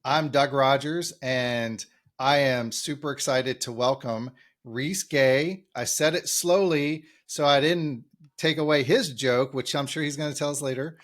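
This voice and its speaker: A man's voice: mid-range voice, steady tone, normal speed, a bit bright. A man co-hosting a podcast, reading a scripted intro, then chatting in an upbeat, self-deprecating way with his guest. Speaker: podcast co-host.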